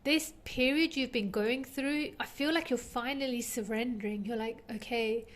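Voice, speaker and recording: A woman's voice: a little high, moderate pace. A woman giving an intuitive tarot reading to her viewers, earnest and heartfelt, rambling with many fillers. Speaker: tarot reader.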